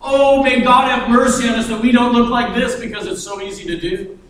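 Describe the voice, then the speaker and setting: High-voiced preacher in an echoey hall. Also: male voice, fairly quick, a little hiss or hum. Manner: animated, acts out quoted voices, chuckles often. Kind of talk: sermon. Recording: echoey room heard from a distance.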